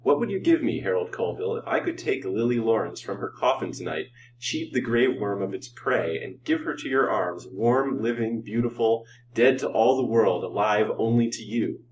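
A man's voice: lowish voice, moderate pace, few pauses, recorded from a distance, a little hiss or hum, natural voice, rough recording. A man doing a cold, scheming doctor. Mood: conspiratorial. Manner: calm, cold, sneering.

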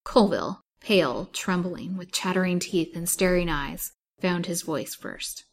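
Woman reading a chapter book aloud, steady storyteller, kinda low voice. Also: unhurried. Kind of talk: reading a serialized novel aloud.

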